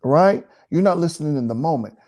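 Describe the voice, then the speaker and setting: Man, preachy, emphatic, animated pitch, warm dark tone. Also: brisk. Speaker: pastor and co-host. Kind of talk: relaxed teaching chat.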